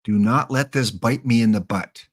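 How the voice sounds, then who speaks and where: At normal speed and in a mid-range voice, a male livestream host commentates on his game live. He thinks out loud while picking cards, murmurs names, and chats with the audience in between.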